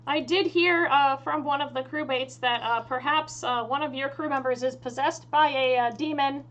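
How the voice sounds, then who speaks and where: A meek female crewmate, as a woman puts her on, nervous and deferential toward her captain. Her voice sits high, and she speaks with halting fillers and restarts. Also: a bit bright. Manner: hesitant, full of fillers and restarts.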